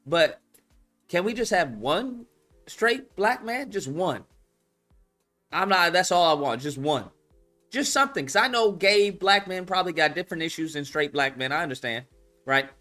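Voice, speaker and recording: Male commentator with a high, animated, profane delivery. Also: measured pace, faint music behind. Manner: animated, profane, repeats himself. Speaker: online commentator. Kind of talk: casual commentary.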